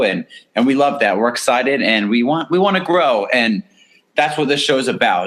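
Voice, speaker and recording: A man co-hosting a casual podcast, talking in an earnest, eager way with plenty of ums. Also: medium pitch. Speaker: podcast co-host.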